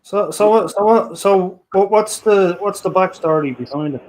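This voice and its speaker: A man's voice: high voice, normal speed, darkish tone, rough recording. A man hosting a casual chat, giving short reactions and follow-up questions. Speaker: host.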